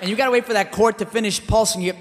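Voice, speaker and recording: A man performing a comic stage monologue in a theater, telling his story with animated swings between loud and hushed delivery. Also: high-pitched, racing, crowd noise. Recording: live hall reverb, faint background noise.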